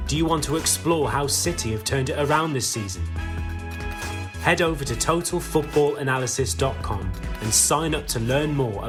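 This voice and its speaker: A man reads an upbeat, salesy ad in a scripted way. His voice is mid-pitched, and clear music plays underneath. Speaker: ad reader. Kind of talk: scripted ad read. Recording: music bed.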